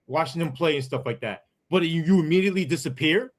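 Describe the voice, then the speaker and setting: A man's voice: a little high, quick pace. A man, a former police sergeant who tells his story as a podcast guest in a heated, profane way, full of asides.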